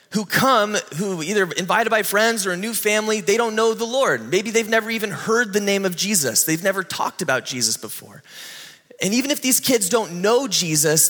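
Man in his thirties, high bright voice, animated church talk, long hall echo. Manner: lively and animated, laughs often. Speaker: children's ministry leader. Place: church sanctuary.

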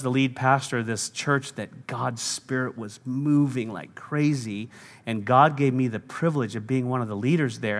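A man's voice: medium pitch, a bit bright. A man preaching a sermon as lead pastor, telling stories and acting out the voices of people he quotes. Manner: storytelling preacher, acts out quoted voices, laughs now and then. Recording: long hall reverb.

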